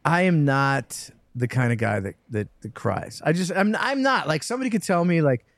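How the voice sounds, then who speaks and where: Animated man hosting a casual chat. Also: fairly high pitch, moderate pace, dry recording. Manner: animated, self-mocking storyteller. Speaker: podcast host.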